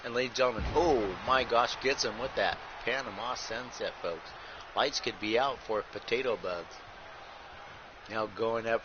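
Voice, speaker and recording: A man hosting a game stream, calling the action in wrestling-announcer patter and saying "folks" constantly. His voice sits at an ordinary pitch and gets loud when a big move lands. The audio is muffled, with a clear hiss of background noise. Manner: announcer patter, says "folks" nearly every line; excitable shouts at big moves. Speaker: host and play-by-play commentator. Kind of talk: wrestling play-by-play over a video game.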